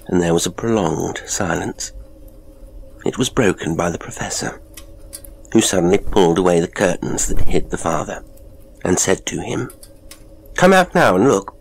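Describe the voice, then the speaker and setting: A man reading a classic horror story as narrator, in a slow, measured, ominous storytelling manner. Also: deep voice, slight background noise.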